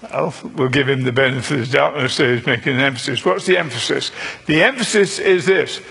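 A man preaching a sermon, teaching slowly and deliberately, repeating key phrases for emphasis and slipping in dry humor. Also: mid-range voice, creaky, sharp tone, husky.

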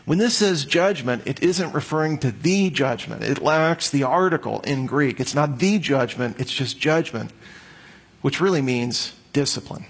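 With a husky, medium-pitched voice and an unhurried delivery, a male pastor gives his congregation an animated expository sermon. He explains the passage closely and performs the voices of those he quotes.

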